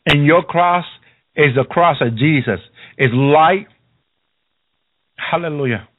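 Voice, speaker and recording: Male preacher with a fairly high voice, repetitive exhortation full of hallelujahs, phone-like radio sound. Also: moderate pace. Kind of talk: sermon.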